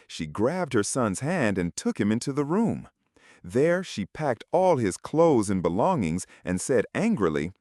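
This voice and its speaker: A man's voice: lowish voice, wildly swooping pitch, measured pace, dry recording, studio quality. A man narrating a scripted family drama in a dramatic storytelling manner.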